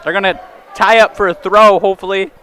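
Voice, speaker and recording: A man's voice: high voice, fairly even intonation, fairly quick, sharp tone, clear, resonant tone. A young man doing casual color commentary at a wrestling match, joking wryly and grumbling about the long night. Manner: wry, joking, drawling complaints. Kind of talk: casual live sports commentary.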